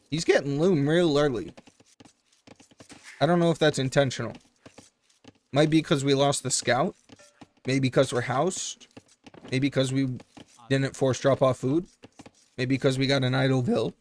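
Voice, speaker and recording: A man casting a strategy game tournament live on stream, chatty and joking with quick asides. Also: mid-range voice, steady tone.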